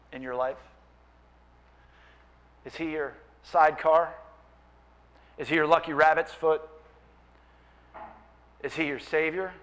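A male pastor preaching a sermon in an animated, playful way, acting out voices of people and biblical figures. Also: fairly high pitch.

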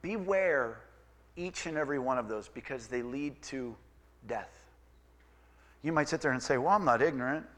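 A man preaching a sermon as pastor, conversational and emphatic, with quick asides. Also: mid-range voice, a bit bright.

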